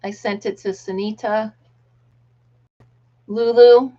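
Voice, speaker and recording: A woman's voice: mid-range voice, steady tone, takes it slowly, warm tone. Chatty woman host, lo-fi stream. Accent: American. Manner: chatty, reads viewer comments aloud, laughs often. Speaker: livestream host. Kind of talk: casual live chat. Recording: dull lo-fi livestream audio.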